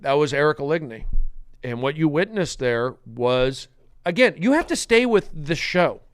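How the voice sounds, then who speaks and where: A man with a high, smooth voice hosts a comedic podcast from a studio. He talks in intense, repetitive bursts that swing between low mutters and loud outbursts. The sound is dry and close. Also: expressive, normal speed, no echo. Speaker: podcast host.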